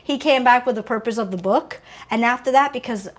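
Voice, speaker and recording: A woman's voice: fairly high pitch, a little fast. A woman in her forties, a guest author, talking earnestly and with animation about faith and moving on in an interview. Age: 40s. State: teary, emotional. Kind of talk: faith-filled interview talk.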